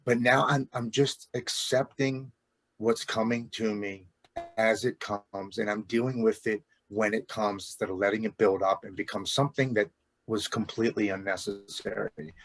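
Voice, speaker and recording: A man's voice: fairly low pitch, steady tone, moderate pace. A man in his forties telling his own recovery story as a guest, earnest and emotional. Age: 40s.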